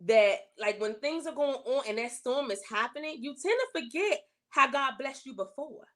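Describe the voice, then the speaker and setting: Woman sharing her faith testimony, earnest and emotional, goes higher when she pleads. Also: expressive, normal speed, a bit bright. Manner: earnest, emotional storytelling with repetition; rises in pitch when voicing her complaints to God. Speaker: interview guest.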